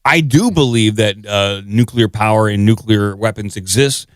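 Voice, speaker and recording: A man co-hosting a podcast, talking loosely with plenty of fillers and asides. His voice sits lowish. The sound is dry and close. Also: normal speed, no room sound. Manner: rambling, self-deprecating, many fillers. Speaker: podcast co-host. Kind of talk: casual podcast chat.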